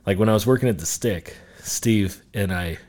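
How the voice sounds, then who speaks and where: A man's voice: lowish voice, moderate pace, a little mellow. A man, a business owner, talking as a podcast guest in a rambling way with lots of fillers and casual swearing. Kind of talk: casual interview chat.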